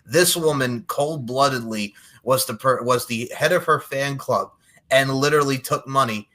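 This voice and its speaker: A man's voice: mid-range voice, normal speed, a bit bright. A man hosting a casual podcast chat, blunt and profane, given to heated rants. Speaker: podcast host.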